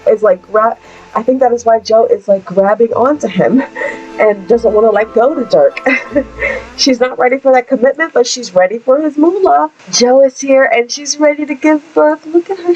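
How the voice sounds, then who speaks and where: A woman's voice: a little high, a little mellow, slightly rough, muffled recording. A young woman hosting a let's play, giving chatty, giggly commentary on her game. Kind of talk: casual gameplay commentary.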